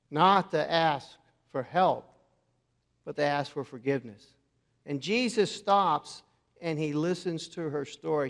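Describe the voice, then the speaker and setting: Storytelling pastor in a reverberant church. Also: male voice, on the high side. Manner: storytelling with dramatic pauses, dropping soft for quoted words. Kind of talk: sermon. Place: church sanctuary.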